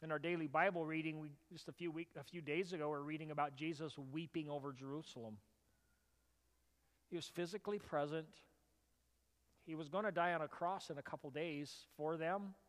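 A man preaching a sermon as a pastor. He tells stories in an animated way and rises to loud, emphatic bursts. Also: a little high, brisk. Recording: reverberant hall.

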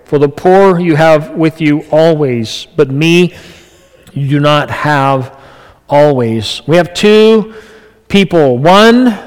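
A pastor giving a conversational sermon to his congregation, moving between quiet asides and emphatic, raised passages. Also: a little high, clear, resonant tone, long reverb tail, low-quality recording.

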